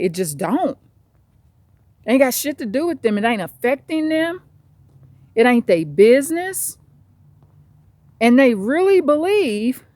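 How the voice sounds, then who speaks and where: A woman's voice: on the high side, darkish tone, no room sound. A woman vlogging on a walk outdoors, ranting bluntly with plenty of cursing. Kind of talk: casual vlog monologue.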